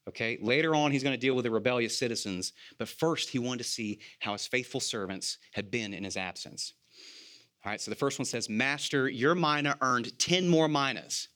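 A man's voice: medium pitch, fairly bright tone. Man preaching an earnest, conversational sermon. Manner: earnest, conversational preaching with rhetorical questions and repeated phrases; self-deprecating humor. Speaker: preacher, elder candidate.

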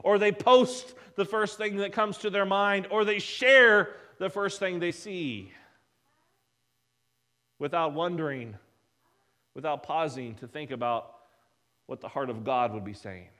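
Man, high voice, sermon, emphatic preacher, drops low and soft for emphasis. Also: measured pace, long pauses. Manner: emphatic preaching, dropping low and quiet for weight. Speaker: pastor.

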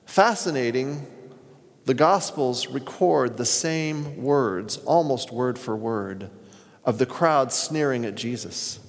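A man's voice: mid-range voice, unhurried, gravelly. A man preaching a sermon as a pastor, retelling scripture stories in an earnest way. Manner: earnest storytelling, reads scripture aloud. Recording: long reverb of a hall.

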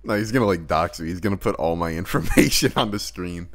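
A young man from Tennessee co-hosting a casual podcast, dropping laid-back, low-key remarks and laughing along. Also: lively intonation, quick pace. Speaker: podcast co-host. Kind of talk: casual crude chat.

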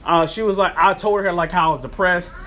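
A man's voice: high voice, fairly even intonation, a little fast, bright, forceful tone, slight background noise. A man hosting a podcast, telling a story as a casual, rambling rant full of fillers and restarts. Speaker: podcast host.

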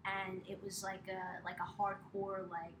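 A woman's voice: mid-range voice, little pitch movement, a little slow, fairly bright tone. A woman hosting a casual podcast, laughing often and rambling with lots of fillers. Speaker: podcast host. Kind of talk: casual chat. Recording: roomy echo with clear background noise.

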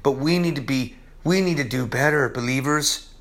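A man preaching a sermon in a casual, slangy way, swinging from loud emphasis to hushed asides. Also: mid-range voice, normal speed.

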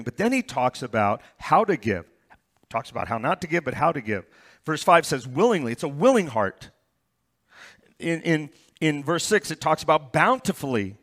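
A pastor giving a sermon, reading scripture verses aloud and explaining them with stories and asides. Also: male voice, medium pitch, expressive, moderate pace, fairly bright tone.

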